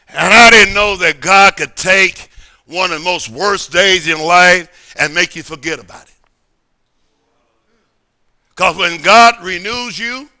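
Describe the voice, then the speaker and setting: A middle-aged man pastor preaching a sermon in a church service, emphatic and repetitive, swinging between sudden shouts and quiet asides. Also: very high voice. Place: church sanctuary during a service.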